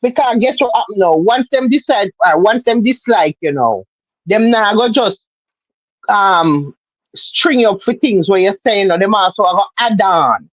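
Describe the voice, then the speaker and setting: A woman's voice: medium pitch, lively intonation, moderate pace, no echo, rough recording. A woman with a Jamaican accent chatting casually on a livestream, emphatic and repetitive, as if lecturing.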